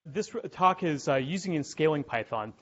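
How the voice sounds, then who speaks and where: A man's voice: fairly high pitch, animated, moderate pace. Wry, irreverent male tech lecturer. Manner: wry, irreverent humor with frequent ums. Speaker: conference presenter. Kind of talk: technical lecture with dry asides. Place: lecture room with an audience. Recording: dull lo-fi conference recording.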